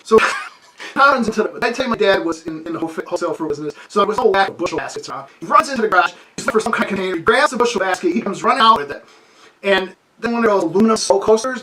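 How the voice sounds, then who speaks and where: A man in his sixties telling a childhood story at home in a casual, animated way, laughing often and acting out the scenes. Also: high-pitched, low-quality recording. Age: 60s. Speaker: amateur radio hobbyist. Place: home with a wood stove.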